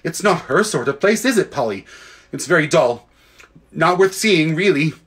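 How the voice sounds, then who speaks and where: A man's voice: a little high, expressive, moderate pace, a bit bright, voice pushed up. A man voicing a flustered young boy who stammers and pleads nervously.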